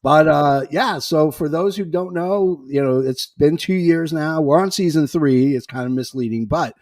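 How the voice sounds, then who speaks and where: A man's voice: fairly high pitch, moderate pace, darkish tone, no room sound, studio quality. A man from Boston hosting a podcast, upbeat and chatty, reading out listener messages. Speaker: podcast host. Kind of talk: casual chat.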